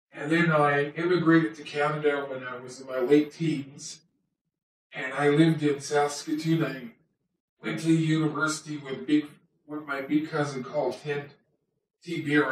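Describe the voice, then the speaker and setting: A man's voice: a little high, fairly bright tone. A man voicing a chatty male toy wolf who tells his life story in a rambling, self-mocking way, as a homemade comic monologue. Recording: very echoey room, voice far from mic.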